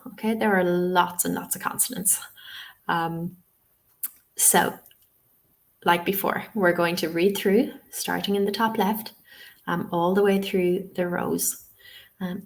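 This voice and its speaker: An Irish woman trains English teachers over a webinar. She speaks at a slow, deliberate pace, modelling sounds one at a time in a mid-range voice. She checks in with "okay?" often as she goes. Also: mid-range voice, creaky. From Ireland. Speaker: TEFL trainer. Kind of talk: webinar lesson.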